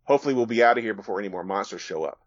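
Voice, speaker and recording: A man reading as a steady squad leader. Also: lowish voice, rapid-fire, close to an everyday voice. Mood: firm. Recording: dull, dry sound.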